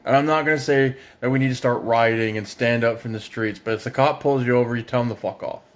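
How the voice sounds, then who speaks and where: Ontario man, young, mid-pitched, sarcastic and profane, angry rant. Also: fairly even intonation, quick pace. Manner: angry, sarcastic, swears heavily. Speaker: parent ranting on video.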